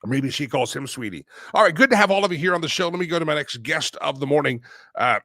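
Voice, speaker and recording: Male talk host, bright, fairly high voice, chatty with lots of fillers, dry close sound. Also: lively intonation, quick pace, dry recording. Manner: chatty, loose, many fillers. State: coughing. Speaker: radio show host. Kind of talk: casual talk show monologue.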